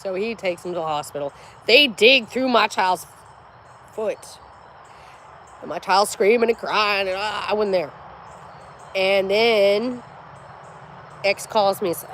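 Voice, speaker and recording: Here the woman, in her forties, talks at a medium pitch, a little slowly, pausing often over slight background noise. She is a livestream host chatting casually, swearing bluntly and telling animated stories.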